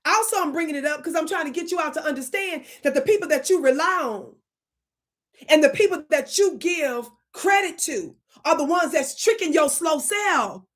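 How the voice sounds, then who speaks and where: A woman's voice: sits high, expressive, moderate pace. A woman hosting her own channel, delivering a fiery, preachy commentary monologue that scolds viewers, stretches words out for emphasis and keeps asking if they are listening. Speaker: channel host.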